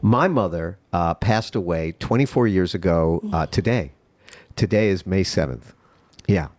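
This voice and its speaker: Male podcast host from New York, heartfelt and rambling, lowish voice, dry booth sound. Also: animated, a little slow, darkish tone, no room sound. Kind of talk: casual interview chat.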